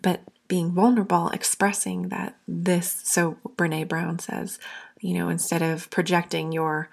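Young woman podcaster, low gravelly voice, earnest and open, kinda teary. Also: flat delivery, moderate pace. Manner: earnest, open, at times near tears. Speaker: podcast host. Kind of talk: heartfelt solo podcast talk.

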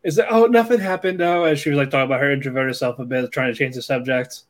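A man's voice: mid-range voice, flat delivery, racing. A man co-hosting a podcast, casually rambling through an anime plot recap and quoting the characters. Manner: rambling retelling with fillers and quoted lines. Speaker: podcast co-host.

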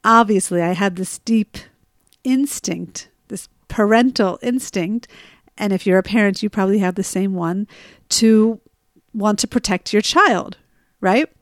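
A woman's voice: mid-range voice, unhurried, no echo, studio quality. A middle-aged woman telling a personal story in a conversational way, often asking listeners "right?" and laughing at herself. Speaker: storyteller sharing personal stories.

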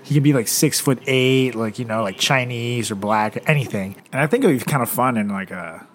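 A man in relaxed podcast banter, rambling through his bits and laughing as he goes. His talk is loose, profane and easygoing. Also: medium pitch, a little fast, a little hiss or hum. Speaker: comedian co-host. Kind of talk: casual comedic chat.

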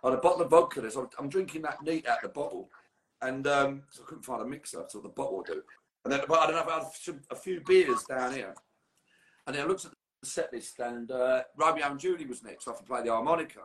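A man's voice: medium pitch, animated, fast talker, fairly bright tone, roomy sound. A middle-aged man, a guest musician swearing freely as he rambles through anecdotes in casual podcast chat.

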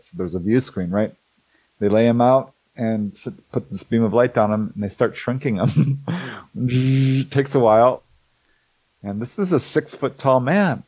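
Animated storytelling man, dry sound. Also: medium pitch, unhurried, breathy edge, no room sound, poor audio. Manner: animated storyteller who acts out quoted people, laughs often. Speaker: host, author on alien abduction cases. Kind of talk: casual storytelling talk.

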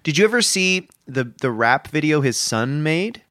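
A man's voice: a little high, animated, moderate pace, a bit bright, no room sound, clean studio sound. A man co-hosting a comedy podcast, teasing and needling his co-host in mock-provocative banter.

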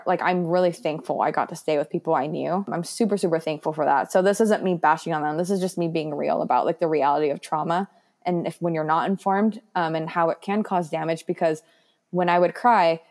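Young woman, slightly low voice, earnest, reflective, candid interview, filler-heavy. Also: fairly even intonation, fairly quick, a little mellow. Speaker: guest sharing her foster care story.

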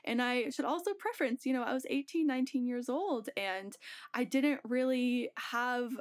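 A woman's voice: a little high, moderate pace. A young woman casually telling a story on a podcast, laughing often and acting out the voices she quotes.

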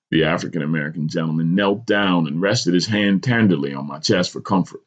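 A podcast host reads a personal story aloud with dramatic storytelling and small stumbles, captured on a dull lo-fi recording. His low-pitched voice moves briskly with few pauses.

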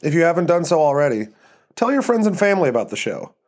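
A man's voice: on the high side, very animated, fast talker, a little mellow. Man narrating a story podcast. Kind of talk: scripted narration.

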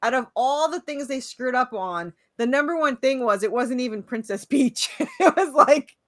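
A woman's voice: high voice, animated, normal speed, a bit bright, no room sound. A middle-aged woman co-hosting a podcast, chatting casually, laughing often and trailing off with fillers. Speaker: podcast co-host. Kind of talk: casual chat.

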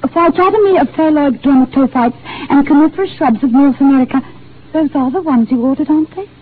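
An actress playing a shy, gentle and lonely bookshop clerk, speaking sweetly in a 1940s radio drama on a tinny broadcast. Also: female voice, high voice, brisk, lightly acted. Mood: tender. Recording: tinny lo-fi old radio broadcast, faint hiss.

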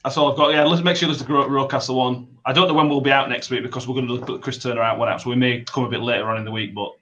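A man's voice: mid-range voice, steady tone, very fast, a bit bright, dull audio. A man hosting a casual football podcast, rambling and swearing freely as he signs off. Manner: swears, laughs often, rambling sign-off. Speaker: podcast host.

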